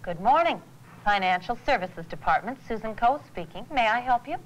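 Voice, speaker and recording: An actress playing a polite, helpful bank clerk on the phone, in a 1980s educational film. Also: female voice, fairly high pitch, expressive, brisk, lo-fi sound, close to an everyday voice. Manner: polite, service-minded phone manner. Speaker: bank employee answering customers. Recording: faint hiss on an old tape transfer.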